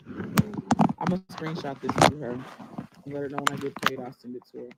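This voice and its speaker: A mother speaks to viewers on a livestream in a deep voice at a moderate pace, pausing often against heavy background noise. Rambling and emotional, she keeps turning to her audience with "y'all."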